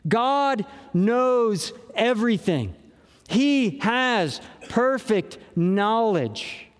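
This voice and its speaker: A man's voice: high-pitched, in a large hall. A man preaching a sermon as pastor, earnest and repeating key phrases for emphasis.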